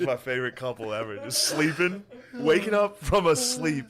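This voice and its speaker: A man co-hosting a comedy podcast, telling a story in casual profane chat, laughing through it and shouting out the lines he acts. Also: medium pitch, normal speed, crowd noise. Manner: profane, drops to a mumble for grim details. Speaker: podcast co-host.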